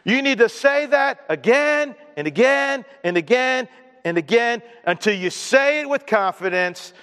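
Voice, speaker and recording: A male pastor preaching a lively sermon, acting out quoted voices and leading the congregation in responses. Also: very high-pitched, measured pace, smooth. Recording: long hall reverb.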